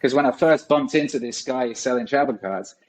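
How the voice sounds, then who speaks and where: The recording is rough, and the speaker has a mid-range voice and a brisk delivery. He's a musician in his forties guesting on a podcast, casually telling rambling stories and cursing often.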